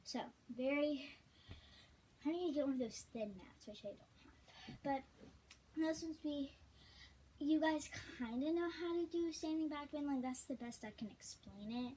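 Hohe, plaudernde Frauenstimme im Vlog. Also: female voice, sits high, moderate pace, slight background noise. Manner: rambling, drops into soft whispery asides. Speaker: vlogger teaching gymnastics. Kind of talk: casual chatty tutorial vlog.

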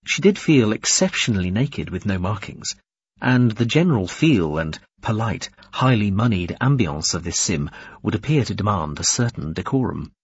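A man narrating an audiobook in an expressive, varied reading. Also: on the low side, normal speed, slightly rough, no room sound, muffled recording. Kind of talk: scripted narration.

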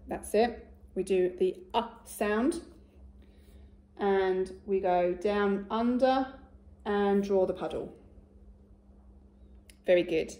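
A woman teacher giving a recorded phonics lesson to young children, speaking slowly and clearly and praising often. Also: mid-range voice, dark tone. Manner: slow, clear and encouraging, with much praise. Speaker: primary school teacher.

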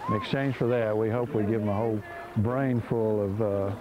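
A man's voice: fairly low pitch, fairly even intonation, normal speed, dull audio, music in the background. A man, earnestly explaining a creek education program in an interview, with frequent restarts. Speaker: program organizer. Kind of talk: documentary interview.

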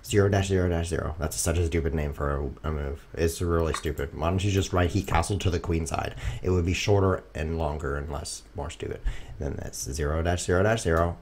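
A man commentating his own chess games on a stream, goofy and self-mocking, talking to viewers and swinging from excited outbursts to quiet mutters. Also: a little hiss or hum. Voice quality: animated, jumps high when excited, drops to mutters. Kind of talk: casual live commentary while playing. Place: home room. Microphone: streaming setup.

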